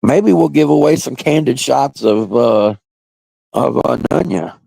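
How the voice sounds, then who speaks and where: A man with a heavily gravelly, fry-laden voice talks to his livestream viewers in a loose, crude, rambling way. His pitch swings around a lot as he goes, and the sound is dry and close, with no room around it. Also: lively intonation, a little slow, mellow, no echo. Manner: crude, loose and rambling, often breaking into laughs. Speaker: livestream host. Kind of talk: casual live-stream chat with viewers.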